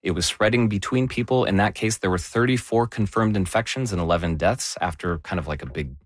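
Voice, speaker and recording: A man's voice: lowish voice, brisk, no room sound, studio quality. A man explaining health news in an emphatic, conversational way.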